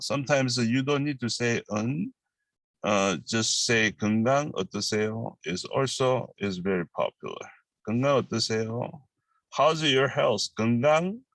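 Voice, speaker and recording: A man with a Korean accent, whose first language is Korean, teaching a language lesson and repeating each phrase slowly, with halting English. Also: medium pitch, a bit bright, dry recording.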